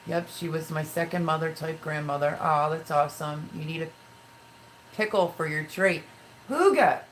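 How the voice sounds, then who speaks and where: A woman's voice: on the low side, a little hiss or hum, poor audio. A middle-aged woman hosting a casual live stream, talking candidly and emotionally in a rambling way while reading viewer comments. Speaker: livestream host.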